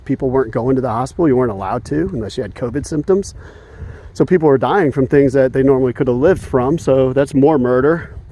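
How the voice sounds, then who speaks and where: A man's voice: medium pitch, quick pace, warm tone, slight background noise. A man vlogging while walking outdoors in the evening, talking in a heated, indignant way and chuckling often between points. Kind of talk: casual rant while walking.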